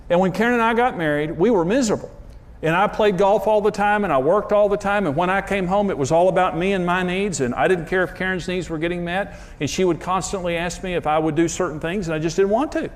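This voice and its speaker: A man with a slightly high voice preaches about marriage to an audience. He tells personal stories in a frank, self-mocking way and hits his key lines with emphasis. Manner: candid, self-deprecating storytelling; emphatic, building up to punchlines. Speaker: marriage speaker.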